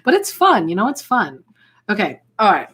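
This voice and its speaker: A woman's voice: medium pitch, huge pitch swings, moderate pace, a bit bright, slightly rough. A woman giving a casual ukulele lesson, rambling and restarting often, with many fillers as she explains chords. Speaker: ukulele tutor. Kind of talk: casual music tutorial. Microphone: ukulele played alongside.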